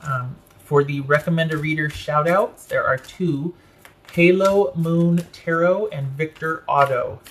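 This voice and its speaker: A man's voice: fairly high pitch, measured pace, fairly bright tone, slight background noise. A man giving a casual tarot reading, thinking aloud as he turns cards and correcting himself as he goes. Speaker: tarot reader.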